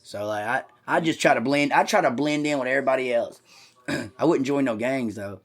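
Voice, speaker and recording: A man's voice: medium pitch, fairly quick. Profane rambling man telling stories. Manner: rambling, profane, acts out voices in his stories. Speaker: podcast co-host. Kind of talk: crude comedic storytelling.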